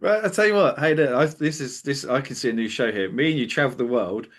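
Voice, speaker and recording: A man's voice: mid-range voice, expressive, fast talker. A man hosting a comedy podcast, chatting casually, giggling often and stumbling over his words. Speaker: podcast host.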